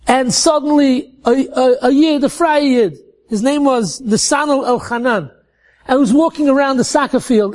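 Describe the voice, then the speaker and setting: A man telling a religious story in an animated way, often repeating words as he restarts. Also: very high voice.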